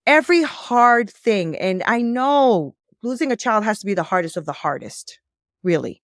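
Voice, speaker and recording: A woman life coach as a podcast guest, telling stories in a lively way and acting out the dialogue. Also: fairly high pitch, moderate pace, dry recording, clean studio sound. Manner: animated storytelling, acts out quoted dialogue. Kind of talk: conversational interview.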